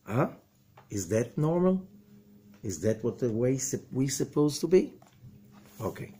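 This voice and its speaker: A man's voice: a little high, moderate pace, slightly rough. A man giving a spoken Torah lesson, full of rhetorical questions and acted-out exchanges. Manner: animated, rhetorical questions, mock dialogue. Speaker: rabbi teaching Zohar.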